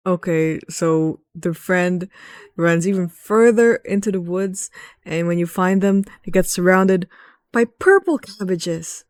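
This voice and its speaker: A woman's voice: on the low side, slow pace, a little mellow, no room sound, clean studio sound. A young woman casually recapping a video game story, rambling and playful, often correcting herself.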